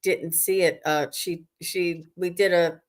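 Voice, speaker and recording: A woman's voice: fairly low pitch, steady tone, a little slow. Upbeat woman hosting a livestream. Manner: enthusiastic, greets chat viewers. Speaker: psychic medium host. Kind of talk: casual livestream chat.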